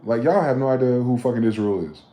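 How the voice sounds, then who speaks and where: A man in his late thirties, live-streaming a heated, profane, preachy rant whose loudness swings sharply. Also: mid-range voice, fast talker. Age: late 30s. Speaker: livestreamer. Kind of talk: ranting livestream monologue. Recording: roomy echo.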